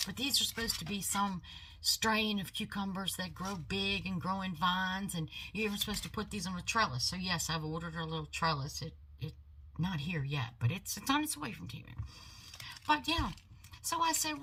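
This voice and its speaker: Bright-voiced older woman chatting casually. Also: lowish voice, a little hiss or hum. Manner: chatty, folksy, animated. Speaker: haul vlogger. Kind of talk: casual product haul chat. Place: home office. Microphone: phone.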